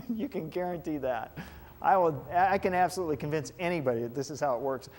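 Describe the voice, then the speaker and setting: A man's voice: a little high, animated, a little fast, darkish tone. A man giving a classroom lecture on hypnotherapy, talking conversationally and checking in with his students with questions.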